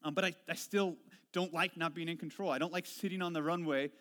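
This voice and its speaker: Preaching to his congregation, this Washington State pastor talks a little fast in a slightly high-pitched voice. His personal anecdotes carry a conversational, self-mocking touch, quieting to a soft, low tone for reflection and livening up whenever he relives his frustrations.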